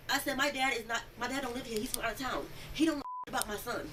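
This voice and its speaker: A young woman recounting an incident in an interview, telling it in a rambling, animated way and acting out the quoted speech. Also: on the high side, fast. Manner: animated storytelling, acts out quoted speech, many "like" fillers. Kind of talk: rambling first-person account. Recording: distant mic, noisy room audio.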